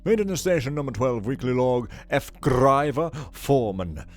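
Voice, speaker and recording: A man's voice: medium pitch, very animated, normal speed, faint music behind, natural voice. A man voicing a grumbling male maintenance foreman in a put-on accent, reading out a work log in a game.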